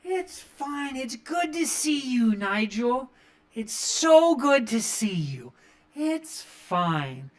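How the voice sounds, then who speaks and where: A man's voice: very high voice, sing-song, drawn-out words, pitched above the performer's own voice, exaggerated voice. A man doing a strained, eerie brooding wrestler. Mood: forced calm. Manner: strained, repeating himself, ending in a shout.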